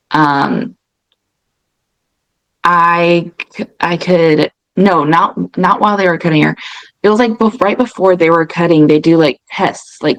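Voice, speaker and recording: A woman with a fairly low voice talks in a casual, conversational way and often stops to rephrase. The recording is dry and close. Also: no room sound, low-quality recording. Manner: conversational, with frequent restarts and fillers. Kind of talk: casual chat.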